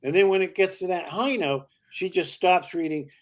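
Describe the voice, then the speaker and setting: An older male comedian as a podcast guest, telling long showbiz stories in a lively way and slipping into character voices. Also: high voice, moderate pace. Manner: lively raconteur who slips into character voices. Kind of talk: anecdotal storytelling.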